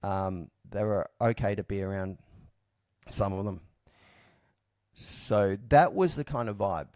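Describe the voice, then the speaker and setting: Low-voiced man, dry and frank. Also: slow pace, a little mellow, clear, resonant tone, no room sound. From Australia. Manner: reflective, frank, with frequent fillers and restarts. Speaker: podcast guest telling his story. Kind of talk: casual storytelling.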